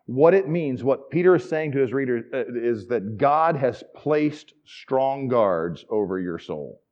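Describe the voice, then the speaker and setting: A man's voice: medium pitch, expressive, unhurried, dull audio. A man preaching a sermon in a conversational, enthusiastic teaching manner with asides. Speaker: pastor.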